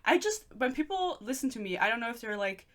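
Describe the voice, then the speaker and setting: A woman's voice: a little high, very animated, fast, fairly bright tone. A woman in her twenties with a German accent, a podcast host chatting casually and mocking herself, with swearing asides. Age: 20s. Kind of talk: casual chat.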